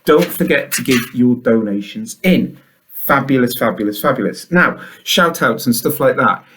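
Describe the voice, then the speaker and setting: A man's voice: medium pitch, animated, normal speed, fairly bright tone, a little hiss or hum. A man hosting a school announcements show, upbeat and chatty, full of enthusiasm.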